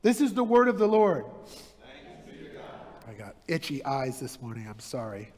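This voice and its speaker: A man's voice: mid-range voice, very animated, normal speed, darkish tone, in a large hall. A man preaching a sermon as pastor, telling stories in a casual, chatty way with many fillers. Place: church sanctuary.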